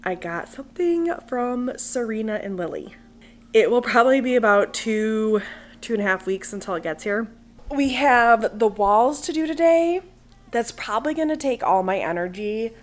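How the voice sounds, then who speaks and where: A woman's voice: fairly high pitch, lively intonation, normal speed. Chatty woman vlogging from home. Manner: chatty, rambling, upbeat. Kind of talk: casual vlog chat. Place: her own living room at home.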